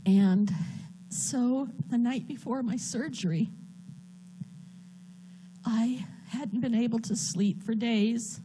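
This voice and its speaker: A woman giving a personal testimony in a church, speaking earnestly and haltingly while holding back tears. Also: a little high, warm tone, slight background noise.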